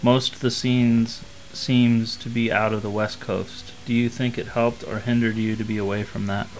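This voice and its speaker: A man hosting a casual interview, reading out listener questions in a relaxed way. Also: lowish voice, normal speed, a little hiss or hum, low-quality recording.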